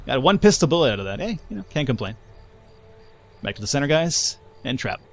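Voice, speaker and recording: A man's voice: medium pitch, sing-song, a little fast, vocal fry, a bit bright. A young man hosting a let's play, chatting and joking casually as he plays, with the odd swear word. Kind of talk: casual gameplay commentary.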